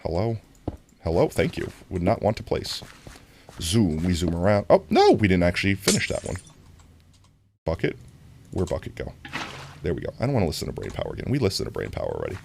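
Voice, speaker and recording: A man's voice: low-pitched, big pitch swings, a little fast, creaky, pauses often, darkish tone, a little hiss or hum. A young man livestreaming a farming game, chatting casually with his viewers, rambling and often cutting himself off mid-sentence. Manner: rambling, talks to chat, frequent self-interruptions. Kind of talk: casual stream chat while gaming.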